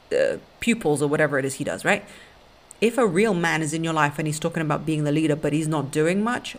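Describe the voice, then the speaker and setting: A young woman hosting a podcast, giving blunt, sassy relationship advice and calling listeners honey and baby. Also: low voice. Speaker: podcast host. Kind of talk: casual advice monologue.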